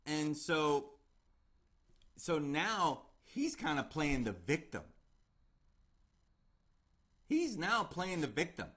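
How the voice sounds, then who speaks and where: A man's voice: a little high, sing-song, slow, pauses often, a bit bright. A man hosting a true crime channel, telling the story in a casual, conversational way and repeating key phrases for emphasis.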